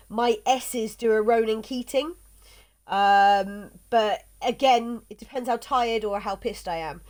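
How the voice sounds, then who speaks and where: A woman with a Somerset accent and a slight lisp on her S sounds, chatting casually and rambling while streaming a game. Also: a little high. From South West England. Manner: chatty, rambling, laughs often. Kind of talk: casual chat while gaming.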